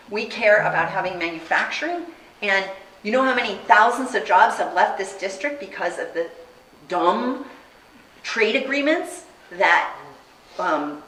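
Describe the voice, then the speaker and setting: A woman's voice: medium pitch, a bit bright, reverberant, distant mic, low-quality recording. An American woman, a congressional candidate, giving a campaign speech and telling stories in an earnest way. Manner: earnest, storytelling, acts out quoted people.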